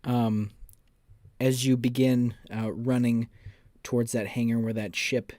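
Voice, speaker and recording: Slow, measured male game master. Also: medium pitch, level tone, dark tone, dry recording, studio quality. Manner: measured, describes scenes in second person. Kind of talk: narrating a tabletop role-playing game.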